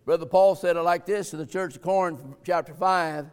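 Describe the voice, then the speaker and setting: A man preaching a sermon as pastor, folksy and conversational, building to fervent shouts. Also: sits high, steady tone, a little fast, few pauses, smooth, in a large hall.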